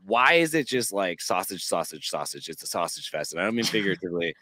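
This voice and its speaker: A man's voice: low-pitched, big pitch swings, quick pace, pushed and bright, no echo. A man co-hosting a podcast in casual chat, with wry, self-mocking humor. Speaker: podcast co-host.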